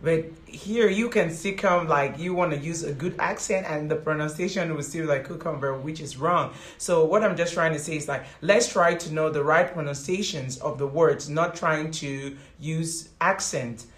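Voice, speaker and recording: A woman's voice: sits low, moderate pace, hardly any pauses. A woman from Africa, a teacher giving casual advice in a rambling way, repeating words and using many fillers. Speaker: English teacher and vlogger. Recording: roomy echo.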